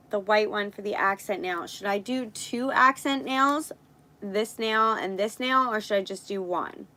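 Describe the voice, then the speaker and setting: Slow-talking woman hosting a live stream. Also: mid-range voice, sharp tone, poor audio. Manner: thinks aloud while working, chats with viewers.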